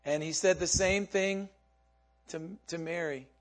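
This sermon comes from a man with a high voice who keeps things informal, questioning the congregation and laughing as he goes. His tone stays steady and his pace is a little slow.

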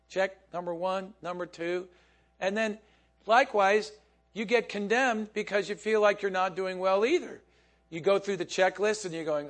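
A man's voice: high-pitched, normal speed, fairly bright tone. A man preaching a sermon in a conversational way, asking his listeners questions and laughing along with them. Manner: conversational, asks the congregation questions, laughs often.

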